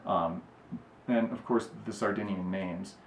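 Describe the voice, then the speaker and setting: A man's voice: deep voice, a little slow, a little hiss or hum. Rambling male drum teacher, echoey room. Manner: relaxed, rambling with fillers and asides. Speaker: drumming educator. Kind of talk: casual explanatory lecture.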